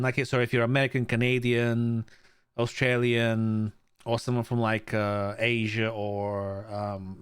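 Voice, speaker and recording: A man's voice: mid-range voice, clear, resonant tone. A young adult man from Bulgaria chatting casually with his live stream viewers, stammering through restarts, swearing freely and greeting chatters by name.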